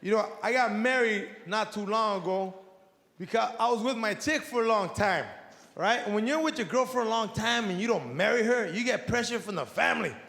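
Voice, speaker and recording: Profane comedian with a high, gravelly, bright voice. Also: male voice, brisk. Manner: profane, animated, acts out voices of family. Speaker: stand-up comedian. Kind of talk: stand-up comedy routine. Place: comedy stage before a live audience. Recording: echoey hall with audience.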